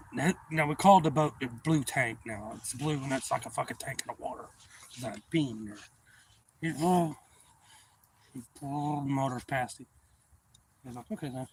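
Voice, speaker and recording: Gravelly man spinning a yarn. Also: mid-range voice, unhurried, pauses often, a little hiss or hum. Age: 40s. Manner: profane, animated yarn-spinning. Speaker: livestream host. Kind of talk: casual storytelling on a livestream.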